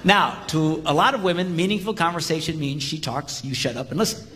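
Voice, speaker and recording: A man with a high, very lively voice delivers a comedic seminar from the stage of a large hall. He talks in punchy bursts and shouts out sound effects. His voice rings with long reverb over a clear layer of background noise. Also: brisk. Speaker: marriage seminar speaker. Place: large hall before a live audience.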